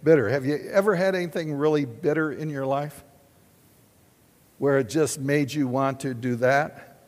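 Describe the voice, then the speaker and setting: Animated male preacher in a reverberant hall. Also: medium pitch, moderate pace. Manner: animated, asks the congregation questions. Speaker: pastor. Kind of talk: sermon.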